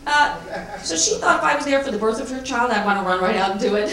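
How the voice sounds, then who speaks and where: A middle-aged woman doing a stand-up comedy set with a dry, deadpan delivery, breaking into sudden high squeals, on a comedy club stage with a handheld mic. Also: fast, a loud crowd. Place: comedy club stage before a laughing audience. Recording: echoey club recording from a distance, noisy.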